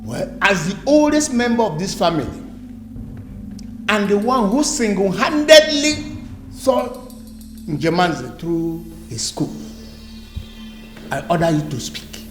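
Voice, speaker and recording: A man's voice: high voice, sing-song, takes it slowly, pauses often, exaggerated voice. An actor playing a domineering male younger brother of a chief who barks commands. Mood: pompous. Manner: commanding, shouts orders. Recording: echoey room with music underneath.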